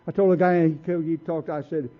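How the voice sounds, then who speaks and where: A man's voice: a little high, fairly even intonation, moderate pace. Blunt older man on tinny tape. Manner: blunt, folksy storytelling. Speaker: recovery meeting speaker. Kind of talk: personal recovery testimony. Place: meeting room.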